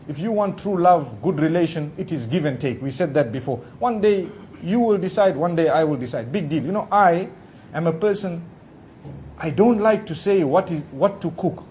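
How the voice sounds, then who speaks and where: A man giving a conversational Islamic sermon, talking directly to his listeners in a relaxed way with frequent asides. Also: high voice, normal speed, slight background noise. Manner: relaxed, talks directly to the audience with frequent "you know". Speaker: Islamic preacher.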